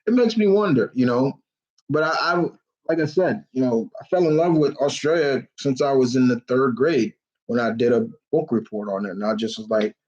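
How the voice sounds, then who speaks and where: A man's voice: medium pitch, normal speed, a little mellow. Rambling enthusiastic man, lo-fi audio. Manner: enthusiastic, rambling, many fillers and restarts. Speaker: host of a live Q&A stream. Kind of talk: casual rambling chat.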